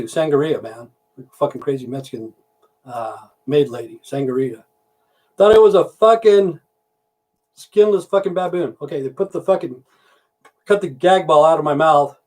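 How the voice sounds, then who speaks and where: A truck-driving livestream host tells a long, crude joke, rambling along and swearing heavily. His voice sits a little high and sounds somewhat mellow.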